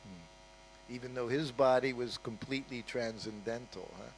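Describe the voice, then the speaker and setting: An older man speaks at a medium pitch, telling stories to a gathering in a loose, conversational way. He drops frequent asides and checks in with his listeners as he goes. A faint hum sits under his voice. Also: moderate pace, low-quality recording. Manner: conversational, with frequent "you know" and "huh?" asides. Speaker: guest speaker at a temple. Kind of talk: anecdotal storytelling talk.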